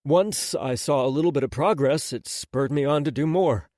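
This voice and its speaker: A man reading the part of a gentle, hesitant adult man in an audiobook, softly and without fuss. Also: on the high side, normal speed, natural voice. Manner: soft and hesitant.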